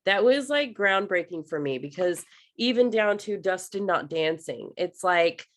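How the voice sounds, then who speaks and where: A woman's voice: lowish voice, expressive, measured pace. A woman leading a casual book discussion on a video call, chatty and enthusiastic with frequent fillers. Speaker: discussion group leader.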